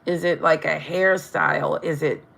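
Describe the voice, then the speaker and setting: Low-voiced woman reading tarot live. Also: normal speed, vocal fry, fairly bright tone. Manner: stumbles over words, tongue-tied; chatty, addresses viewers directly. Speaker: tarot reader.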